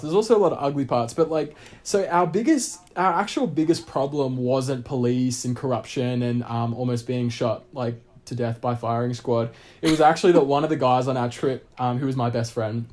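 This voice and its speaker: A man spinning a travel yarn in a casual chat. He rambles, restarts and stacks filler words as he goes, at a middle pitch that keeps jumping up when he gets animated. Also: moderate pace. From Australia. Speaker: guest storyteller.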